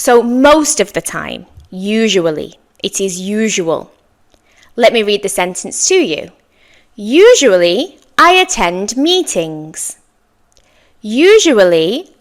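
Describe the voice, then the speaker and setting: A woman teaching an English lesson, saying example sentences slowly and clearly for learners to repeat, with encouraging praise. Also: mid-range voice. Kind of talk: slow, clear language lesson with repeat-after-me drills.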